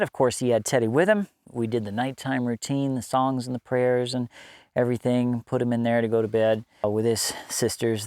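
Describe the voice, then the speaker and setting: A man's voice: medium pitch, dry recording. A middle-aged man telling a personal story in a casual, conversational way, laughing often and restarting his sentences.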